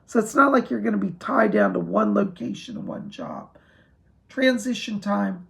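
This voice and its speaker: A man giving live psychic readings to viewers, hoarse as his voice gives out, relaying spirit messages in a reassuring way. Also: sits high, moderate pace, fairly bright tone. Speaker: psychic medium.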